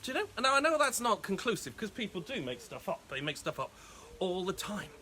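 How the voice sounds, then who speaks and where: A man preaching as a pastor, telling a Bible story in a playful, animated way with frequent laughs. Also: sits high, fairly quick, a little hiss or hum. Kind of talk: lively Bible storytelling sermon.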